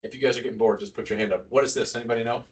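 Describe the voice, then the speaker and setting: A man's voice: mid-range voice, steady tone, very fast, recorded from a distance. A man, a neurosurgeon, giving an informal teaching lecture to ICU staff, quizzing the room and joking as he goes. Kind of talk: casual teaching lecture with quiz questions.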